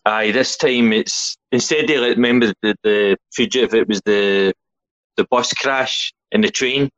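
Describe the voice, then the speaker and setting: Lowish scottish guy recapping films, easygoing, laughs a lot, dry muffled sound. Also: measured pace, a bit bright, dry recording. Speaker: podcast co-host. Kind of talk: casual film-chat podcast.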